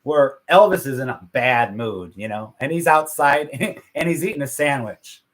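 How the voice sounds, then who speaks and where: A man's voice: mid-range voice, lively intonation, moderate pace, fairly bright tone. A man co-hosting a casual livestream, telling stories with lots of fillers. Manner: chatty storyteller with many fillers. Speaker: livestream co-host. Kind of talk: casual chat.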